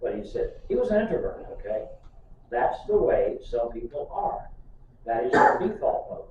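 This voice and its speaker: A man's voice: medium pitch, sing-song, normal speed, a little mellow. Older pastor, man, homespun sermon with jokes; distant mic, heavy church echo, faint room hiss. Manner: folksy storytelling with humor. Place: church sanctuary. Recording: distant, echoey, muffled church recording.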